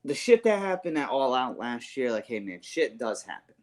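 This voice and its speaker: A man's voice: mid-range voice, very animated, moderate pace, a loud crowd. A man co-hosting a wrestling podcast in casual chat, rambling with lots of "like" and slang such as "bro" and "yo". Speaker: podcast co-host.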